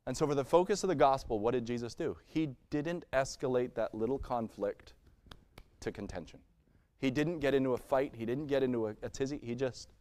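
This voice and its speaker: A pastor preaching a sermon in a conversational style, acting out little scenes and laughing along the way. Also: male voice, mid-range voice, darkish tone. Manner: conversational preaching with playful acted-out asides. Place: church sanctuary.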